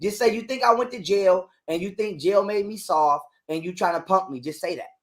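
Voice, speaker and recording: A man's voice: high voice, fairly quick, a bit bright. A man telling a heated, profane story as a guest on an interview show. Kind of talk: casual storytelling.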